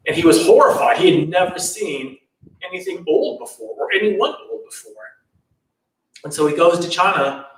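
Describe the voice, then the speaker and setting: A man's voice: high voice, expressive, moderate pace, distant mic. A man telling a spiritual story in a loose, chatty way, in a temple hall.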